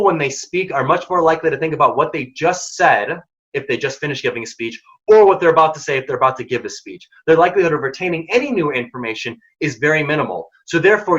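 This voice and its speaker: Workshop speaker: man with a bright, slightly high voice, punchy and direct coaching, dull lo-fi recording. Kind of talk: career advice workshop talk.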